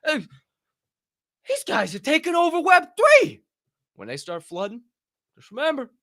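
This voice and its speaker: A young man hosting a livestream podcast, loud and joking, swearing freely and laughing at himself. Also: very high-pitched, huge pitch swings, unhurried, no room sound, studio quality. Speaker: podcast host. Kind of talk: loose, profane livestream chat.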